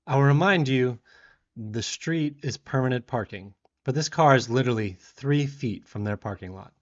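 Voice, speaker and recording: A man tells a story over his woodworking video, pitched in an ordinary middle register. He acts out the heated moments with bursts of shouting. The recording sounds a little dull and lo-fi. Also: moderate pace. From Southern United States. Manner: animated storyteller who shouts and acts out the quoted lines. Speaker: woodworking vlogger.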